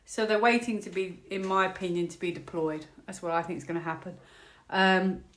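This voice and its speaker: A woman's voice: fairly low pitch, fairly even intonation, a little fast, fairly bright tone. A woman from the United Kingdom giving a casual tarot reading to camera, thinking aloud in a rambling, half-laughing way. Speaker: tarot reader. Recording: echoey room.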